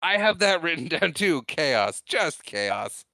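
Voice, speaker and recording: A man's voice: fairly high pitch, very animated, takes it slowly, gravelly, sharp tone, dry recording, clean studio sound. A man co-hosting a podcast, chiming in with short, wry reactions and quips. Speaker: podcast co-host. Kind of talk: casual chat.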